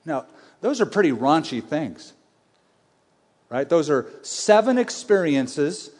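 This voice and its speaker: A man's voice: on the high side, very animated, slow pace. Emphatic male preacher in a big hall. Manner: emphatic, conversational, swings between loud and hushed. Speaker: pastor. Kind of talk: sermon. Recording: long reverb of a large hall.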